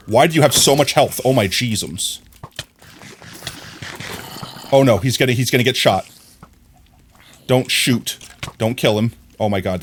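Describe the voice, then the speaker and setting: A man streaming a video game live, talking to himself in excited, frantic bursts as he plays. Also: medium pitch, a little hiss or hum. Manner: excitable, frantic, talks to himself while playing. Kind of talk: live gameplay commentary.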